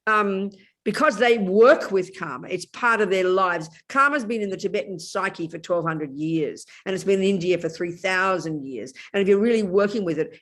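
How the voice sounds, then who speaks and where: Woman, Buddhist nun, emphatic and intimate Dharma teacher on a video call. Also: on the low side. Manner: emphatic, intimate, calls listeners darling.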